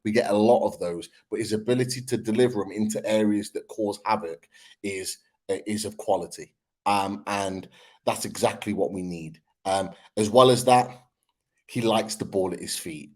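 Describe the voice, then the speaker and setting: A man on a football fan podcast, laying out his points one by one in a measured, casual way with fillers. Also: on the low side.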